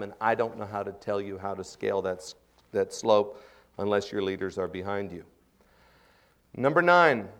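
A middle-aged man preaching a sermon as a pastor, earnest and emphatic, building in intensity as he drives his points home. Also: medium pitch.

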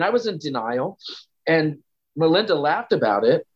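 A man's voice: fairly high pitch, big pitch swings, moderate pace, slightly rough, highs cut off. A man telling a candid personal story as an interview guest, rambling with lots of "you know" and "like".

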